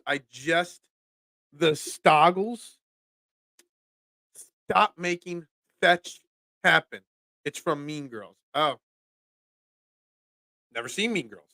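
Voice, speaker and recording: A man hosts a morning sports talk stream, and his voice sits high and bright. He rants in an animated way and pokes fun at himself. The close mic gives a dry sound with no room echo. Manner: animated, ranting, self-deprecating. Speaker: sports talk show host.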